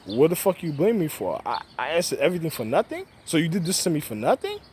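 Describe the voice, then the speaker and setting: Agitated man ranting with lively pitch. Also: quick pace, a little hiss or hum. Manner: agitated, repetitive, swearing, quoting himself in raised voice. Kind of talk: rambling monologue to camera.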